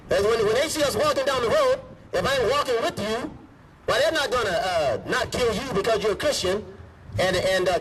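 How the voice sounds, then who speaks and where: A man's voice: extremely high pitch, fairly bright tone. A male minister giving an emphatic rally speech and repeating his points. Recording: distant mic with faint background noise.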